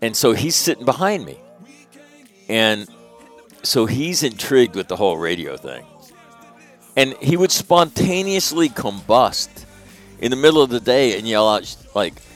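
A middle-aged man from Northern California hosting a radio show, telling a long, rambling, profane story with lively quoted asides. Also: mid-range voice, normal speed, soft background music. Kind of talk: casual storytelling monologue.

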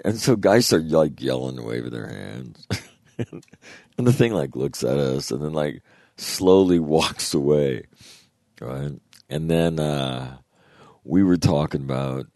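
A man with a very deep, dark voice spins old service stories, swearing freely and laughing through the punchlines. The sound is dry and close, with no room around it. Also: creaky, dry recording. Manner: profane, laughing, animated retelling. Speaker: former Marine. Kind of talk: casual storytelling.

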